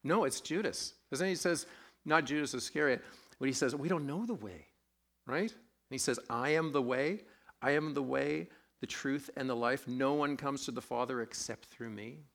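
A man's voice: mid-range voice, moderate pace, fairly bright tone. A man preaching a sermon, conversational and self-deprecating, with a sore throat, asking his congregation questions as he goes. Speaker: pastor.

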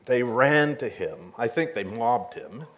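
A man giving a sermon, reading scripture aloud and retelling the story with animated swings between hushed and loud delivery. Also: mid-range voice, a little slow. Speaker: pastor.

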